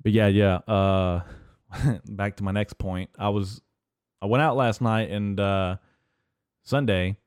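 A man with a lowish, smooth voice, recorded dry and close, hosting a casual solo podcast rant. He rambles and swears constantly, with plenty of "uh"s and restarts. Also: darkish tone, dry recording. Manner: profane, rambling, heavy swearing; filler-heavy, restarts often. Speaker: podcast host.

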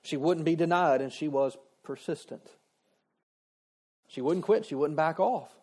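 A man preaching a sermon in a relaxed, conversational way, slipping into quoted voices as he retells a story. His voice sits a little high for a man. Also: measured pace. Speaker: pastor.

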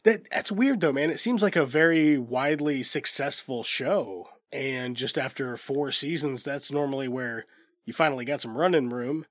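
A man's voice: medium pitch, moderate pace, dry recording. A man hosting a movie news podcast from a studio, a bit congested from a cold, talking in a laid-back, rambling way. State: congested, under the weather. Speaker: podcast host. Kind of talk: casual movie news chat. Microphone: studio mic.

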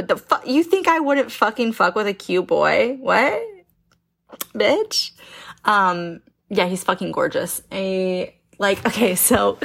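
A young woman hosts her own podcast in loose, candid chat. Her voice has a gravelly fry and she takes her time, lacing her talk with swearing and constant "like" fillers. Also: medium pitch. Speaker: podcast host. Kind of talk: casual chat.

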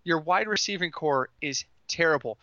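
A man co-hosting a casual podcast, telling stories in an animated way and laughing through his lines. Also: a little high, moderate pace, no echo, muffled recording. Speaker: podcast co-host.

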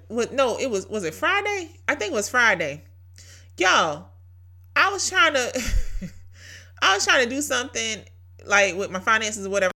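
A woman hosting a casual devotional talk, telling a story in an animated way with frequent laughter and emphatic repetition. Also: mid-range voice. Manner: emphatic, repeats key phrases. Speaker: podcast host.

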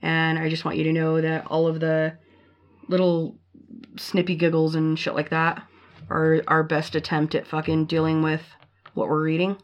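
A woman's voice: deep voice, completely flat delivery, moderate pace, muffled recording. A woman co-hosting a casual podcast, reading a listener's story aloud and cursing bluntly between passages. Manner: profane, blunt, reads quotes word for word.

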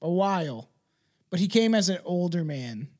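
A man's voice: high-pitched, big pitch swings, moderate pace, dark tone. A man co-hosting a podcast in casual chat, rambling and profane, laughing easily and dropping into a mumble. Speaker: podcast co-host.

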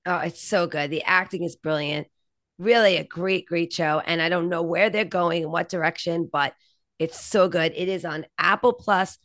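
A woman's voice: lowish voice, fairly even intonation, moderate pace, a bit bright, no room sound. Woman podcast cohost gushing about tv shows, laughs a lot, dry close sound. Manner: enthusiastic, laughs often. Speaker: podcast co-host. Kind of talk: casual chat about TV shows.

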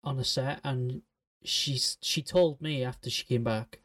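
A young man in his twenties chatting on a podcast, blunt and full of casual swearing. His voice sits at a middling pitch. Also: steady tone, measured pace, a bit bright. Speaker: podcast co-host. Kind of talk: casual chat.

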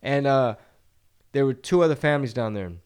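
Casting note: young Texan man, podcast co-host, relaxed storyteller, mid-pitched voice. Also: a little fast, clear, resonant tone. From Texas. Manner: laid-back storyteller, acts out voices in anecdotes. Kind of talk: casual podcast chat.

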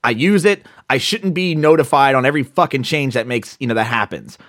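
A man co-hosting a podcast, telling a story in a casual, animated way and swearing now and then. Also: mid-range voice, brisk, no echo, studio quality. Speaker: podcast co-host.

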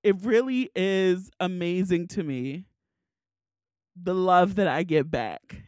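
A woman's voice: on the low side, slow, a little mellow, no room sound, clean studio sound. A woman hosting a solo podcast, crying as she speaks candidly and swears casually. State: tearful, crying. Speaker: podcast host.

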